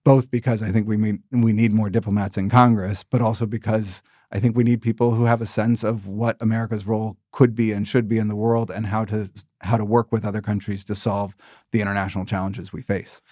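An American man in his thirties, a former ambassador running for office, answering interview questions in a measured, thoughtful way with frequent restarts. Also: fairly low pitch, level tone, mellow, dry recording, studio quality. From United States. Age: 30s. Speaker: political candidate, former ambassador.

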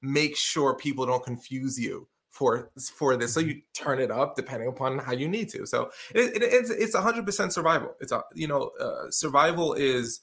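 A middle-aged man talking in a casual conversation, animated and acting out what people said. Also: medium pitch, moderate pace, few pauses. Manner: animated storyteller, acts out quotes.

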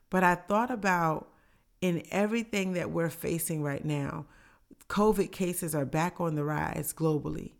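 An earnest woman with a somewhat low voice tells a personal story on her podcast. She speaks in a reflective, faith-filled way. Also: creaky. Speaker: podcast host.

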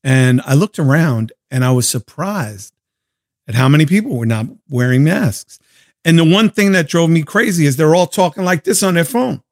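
A hoarse man hosting a casual livestream chat, telling stories in an animated, slangy way. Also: fairly high pitch, normal speed. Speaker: show host.

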